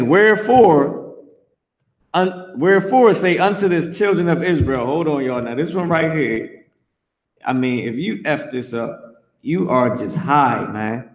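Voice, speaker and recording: A man reading scripture aloud and commenting on it in a brash, profane, mocking way, teaching an online class. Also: on the high side. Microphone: streamed voice chat.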